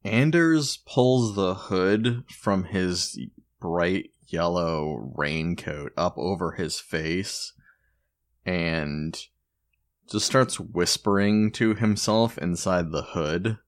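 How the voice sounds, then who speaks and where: A man playing a tabletop game with a very low voice. He thinks out loud at an unhurried pace, pausing as he describes his character's moves. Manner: slow, deliberate, hesitant planning. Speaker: player.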